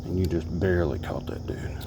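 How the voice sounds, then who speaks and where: A man from Alabama, chatting to the camera from a kayak and talking excitedly to the fish he catches. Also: deep voice, fairly quick, very noisy. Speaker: fishing vlogger. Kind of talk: casual talk to camera while fishing. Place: kayak on a creek outdoors.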